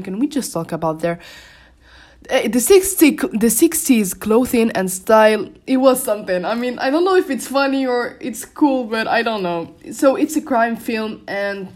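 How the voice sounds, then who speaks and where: A young woman, a native French speaker, chats through her own solo podcast from her bedroom. She rambles loosely, restarting sentences and leaning on fillers, at a mid pitch for a woman. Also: a little mellow. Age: young adult. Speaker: podcast host. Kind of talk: casual solo podcast chat. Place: her room at home.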